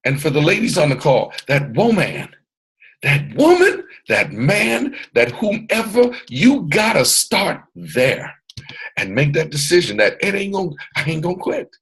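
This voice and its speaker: A man's voice: a little high, very animated, normal speed, fairly bright tone, breathy edge, low-quality recording. A man leading a motivational training session on a video call, boisterous and strong in his delivery, repeating phrases like a preacher. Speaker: mentor hosting a training call.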